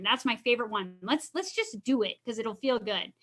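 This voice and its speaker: A woman's voice: on the high side, lively intonation, moderate pace, few pauses, fairly bright tone. A woman counselor leading a casual wellness lesson over a video call, chatty and encouraging. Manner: chatty, encouraging, uses "kinda" and "like" often.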